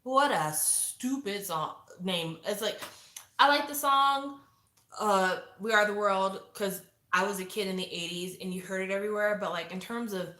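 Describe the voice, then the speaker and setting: A woman in her forties chatting casually to viewers, opinionated and lively, acting out quotes as she reviews a show. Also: medium pitch, normal speed. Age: 40s. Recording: echoey room.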